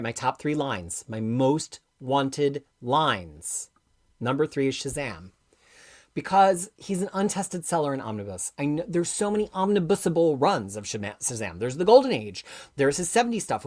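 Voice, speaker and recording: Animated, passionate woman streaming live. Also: low-pitched. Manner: passionate, emphatic, swings from quiet to loud. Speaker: comics livestream host. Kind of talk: live-streamed commentary and chat reading.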